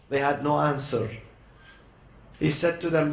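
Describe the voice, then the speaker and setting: A man at a youth gathering, telling a religious story as a sermon, with dramatic pauses and short emotional phrases. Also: a little high, creaky. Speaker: speaker at a youth event. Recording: roomy echo.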